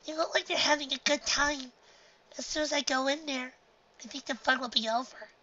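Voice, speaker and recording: A woman voicing an anxious, earnest young unicorn filly from a storybook, speaking in a high, hesitant, pleading way. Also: steady tone, brisk, pushed and bright, slight background noise. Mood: worried. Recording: dull lo-fi home recording.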